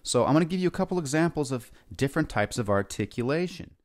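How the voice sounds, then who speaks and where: A man's voice: mid-range voice, expressive, fast, a little mellow. A male music teacher leading a lesson for young kids, upbeat and coaxing them to repeat words and sing along. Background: faint guitar.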